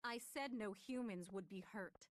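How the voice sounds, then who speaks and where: A woman voicing a hoarse, defiant young woman who argues in a raised, insistent voice, read from an audiobook. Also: medium pitch, very slow, bright, forceful tone, a little hiss or hum, heavily acted.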